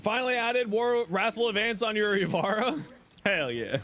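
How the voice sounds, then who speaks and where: A man's voice: sits high, normal speed, sharp tone. A young man streaming a game, chatting casually and joking as he reads chat aloud. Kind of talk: casual live game commentary.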